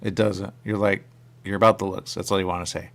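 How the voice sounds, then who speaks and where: A man's voice: low-pitched, a little fast, gravelly. A male radio show host chatting casually and rambling, repeating his catchphrases. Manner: repetitive, animated, catchphrase-heavy. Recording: radio studio mic.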